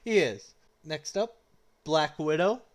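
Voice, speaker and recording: A man's voice: a little high, animated, slow. A young man co-hosting a casual chat, joking, with stammering restarts as he introduces each topic. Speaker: podcast co-host.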